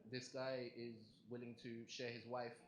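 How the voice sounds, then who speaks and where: Speaking at normal speed in a monotone, mid-range voice, a young man with an English accent does stand-up before a live club audience, keeping his crowd talk punchy and conversational. The recording is very noisy, with club echo and laughter from the audience.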